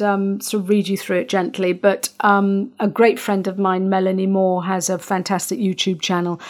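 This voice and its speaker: A middle-aged woman, hosting a parenting podcast and talking gently through a calm breathing exercise, with many fillers and restarts. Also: mid-range voice. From Northern Ireland. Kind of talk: calm guided instruction.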